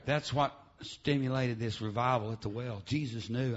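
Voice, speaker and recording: A middle-aged man preaching a revival sermon in church, dropping "uh, amen" between his phrases in a shouting preaching cadence. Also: mid-range voice, normal speed, highs cut off.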